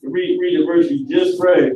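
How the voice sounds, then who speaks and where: A man teaches a live online class, lecturing casually and slangily. His voice sits fairly high. He sounds echoey and distant from the mic. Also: moderate pace, dark tone.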